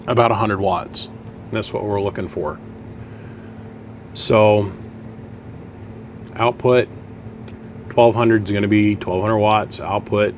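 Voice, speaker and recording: A man's voice: fairly low pitch, slight background noise. A man in his home workshop, talking through radio gear in a folksy, chatty way and thinking aloud as he explains. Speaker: radio equipment hobbyist. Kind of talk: casual workshop vlog.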